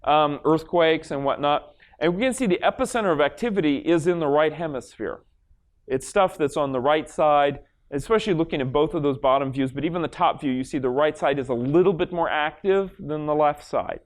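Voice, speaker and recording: A man's voice: on the high side, brisk. A man from Los Angeles giving a live stage presentation as a lecturer, casual and rambling, full of fillers and restarts. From Los Angeles, USA. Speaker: lecturer demonstrating a brain scan. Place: stage in front of an audience.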